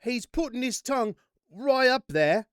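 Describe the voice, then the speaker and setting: A loud, crude, gleeful heckler with a mock Cockney accent, as a man puts him on. The voice jumps much higher than the man's own and gets noticeably louder, mocking rather than talking. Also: lively intonation, unhurried, clean tone, no echo, studio quality. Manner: shouted, mocking.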